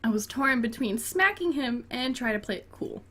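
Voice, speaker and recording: A woman's voice: on the high side, lively intonation, normal speed, pushed and bright. A woman gamer reading a dating game aloud and breaking off into chatty, giggly asides, including talking to her cat. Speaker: let's play gamer.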